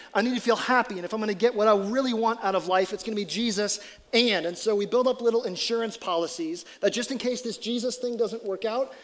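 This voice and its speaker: High-voiced pastor preaching in a reverberant hall. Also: male voice. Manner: conversational, animated preaching with dramatic scripture reading. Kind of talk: sermon.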